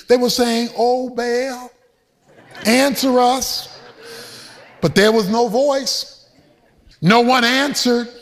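A man preaching a sermon, shouting with emphasis in a sing-song cadence and adding humorous, folksy asides. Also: very high-pitched.

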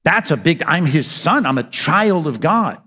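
A man with a fairly high voice preaches a sermon, putting questions to his listeners and answering them himself. His voice trails off into the long reverb of a hall. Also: big pitch swings, a little slow, sharp tone, breathy edge. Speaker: pastor.

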